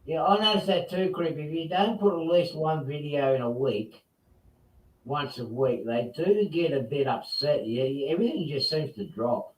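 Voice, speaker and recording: A man's voice: on the high side, moderate pace. A man hosting a casual video chat, telling stories in a rambling, chatty way. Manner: chatty storyteller, rambling with restarts. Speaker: host. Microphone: video call. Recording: roomy distant mic.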